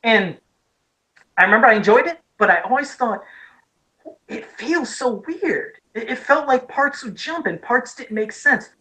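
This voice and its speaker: A woman's voice: fairly high pitch, lively intonation, moderate pace, pushed and bright, low-quality recording. A woman from Ohio co-hosting a casual podcast, eagerly retelling scenes with many restarts and asides. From Ohio, USA. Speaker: podcast co-host. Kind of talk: casual podcast chat about horror films.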